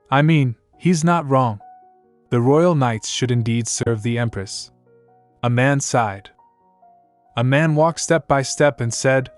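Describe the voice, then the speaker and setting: A man narrates a manhwa story recap in a steady, mid-pitched voice, reading every character's lines in the same even delivery. Faint music plays underneath.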